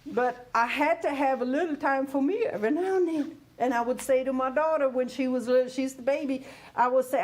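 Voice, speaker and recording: A woman's voice: high voice, brisk. A woman in her fifties, from Germany, telling personal stories candidly on a talk show, laughing often and checking that she is understood. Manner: candid, laughing, repeats "you hear what I'm saying".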